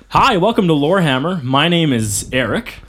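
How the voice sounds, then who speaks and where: A man's voice: a little high, very animated, moderate pace, background noise. A man hosting a casual podcast, rambling and teasing his co-hosts. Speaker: podcast host.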